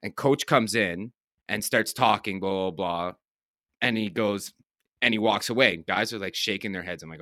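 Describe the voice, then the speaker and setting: A man's voice: fairly low pitch, moderate pace, pushed and bright, no room sound, clean studio sound. A young man, a pro hockey player, telling stories in a laid-back, profane way on a podcast and laughing as he goes. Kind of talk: casual storytelling chat.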